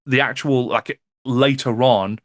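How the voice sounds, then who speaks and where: Podcast guest guy, mid voice, thinks out loud, lots of restarts, dry mic. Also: medium pitch, fairly even intonation, slow, no echo. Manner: thoughtful, with many restarts and "you know"s. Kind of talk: casual film podcast chat.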